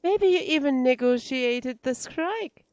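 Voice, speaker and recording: A woman's voice: high-pitched, lively intonation, takes it slowly, a little mellow, dry recording. A woman voicing a defensive, irritable male cafeteria manager, reading game dialogue aloud in an exasperated, lecturing way. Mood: sarcastic.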